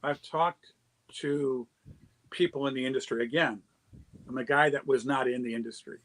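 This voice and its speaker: A man, a charity founder appearing as a guest, telling an anecdote in a casual, animated way with quick restarts. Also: mid-range voice, rough recording. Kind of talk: casual storytelling.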